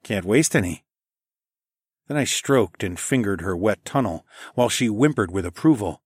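A man with a low voice narrates an erotic audiobook in a soft, intimate, often hushed tone. The recording is dry and close. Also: expressive, moderate pace, breathy edge, dry recording.

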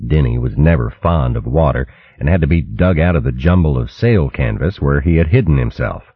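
Deep, husky male storybook narrator. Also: lively intonation, brisk, no echo, narrow, tinny audio. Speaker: audiobook narrator.

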